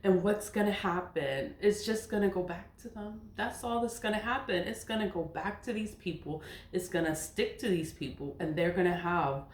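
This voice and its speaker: Woman in her forties, lowish voice, emphatic, laughs and swears, echoey room. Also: normal speed, hardly any pauses, a little hiss or hum. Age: 40s. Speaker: spiritual content creator. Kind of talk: casual monologue.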